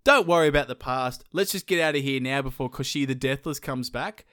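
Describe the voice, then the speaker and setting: Bloke doing a shifty aussie prince, brushing things off. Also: male voice, mid-range voice, brisk, fairly bright tone, dry recording, studio quality, natural voice. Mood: evasive. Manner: evasive, casual. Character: cowardly young prince dodging blame.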